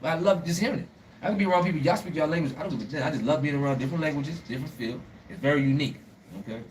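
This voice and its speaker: A Liberian-born man hosting a casual street talk show, animated and emphatic, laughing often and using a lot of slang. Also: on the high side, racing, far from the mic, slight background noise. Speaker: show host.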